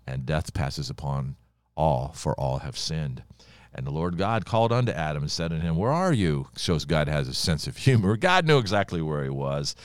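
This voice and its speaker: The pastor's rumbling low voice is expressive and moderately paced, with no echo. An older man, he teaches scripture on a podcast in a folksy, storytelling way, drawing on his own experiences.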